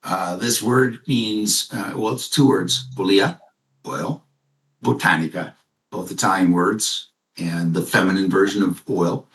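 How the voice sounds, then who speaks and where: Animated man pitching from across a room. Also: unhurried. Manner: animated, jokey storyteller. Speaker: company presenter. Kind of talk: casual business pitch. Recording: echoey room, mic at a distance.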